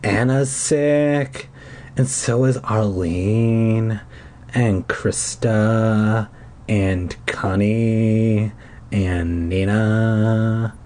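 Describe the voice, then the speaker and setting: A man voicing a weak, weary young girl who speaks slowly and faintly. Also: on the low side, steady tone, mellow. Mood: weak, accusing. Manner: slow and feeble.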